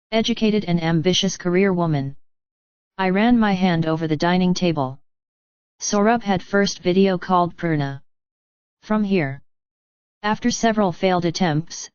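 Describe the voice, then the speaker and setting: A woman's voice: fairly low pitch, a little mellow, clean tone, no echo, dull audio. Dry-toned woman reading an audiobook. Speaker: audiobook narrator. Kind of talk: audiobook narration.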